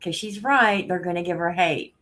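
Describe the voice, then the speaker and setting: A woman's voice: lowish voice, normal speed, a bit bright. A woman talks casually on a home live stream, a little out of breath. She rambles from topic to topic and laughs often as she greets her viewers by name.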